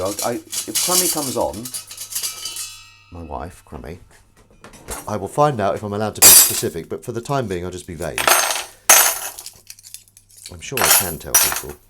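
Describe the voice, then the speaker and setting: A man hosting a casual live stream, rambling and self-mocking with sudden shouts while he does the washing up at home. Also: sits low, background noise. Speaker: streamer host. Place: home kitchen, doing the washing up. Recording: clattering dishes and running water.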